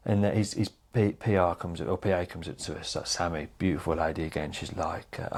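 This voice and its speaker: Man, low voice, chef guest, casual storytelling, animated, swears, says mate. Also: quick pace, gravelly, few pauses.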